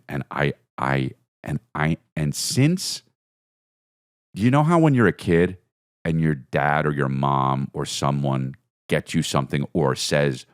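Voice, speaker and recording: A man, telling a rambling comedic story on his podcast. His voice is very deep, yet it leaps around with big, lively jumps. He swears freely, keeps calling the listener "dude," and breaks into high-pitched bursts as he acts out bits of the story, all recorded close and dry. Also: no echo. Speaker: podcast host. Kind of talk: casual comedic monologue.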